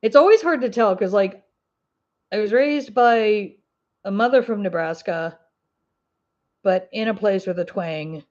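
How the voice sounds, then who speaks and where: A woman's voice: medium pitch, measured pace, pauses often, darkish tone, highs cut off. A woman with an Ozark twang hosting a crafting livestream, chatting casually with viewers in a rambling way and laughing often. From Ozark Mountains, US. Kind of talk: casual livestream chat answering viewer comments.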